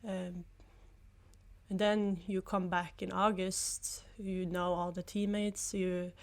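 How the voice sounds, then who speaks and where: Woman, Norwegian accent, young adult, lowish voice, casual chat, frequent laughs. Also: flat delivery, slow, darkish tone. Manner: laughs often, short agreeing replies. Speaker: podcast guest, former soccer player.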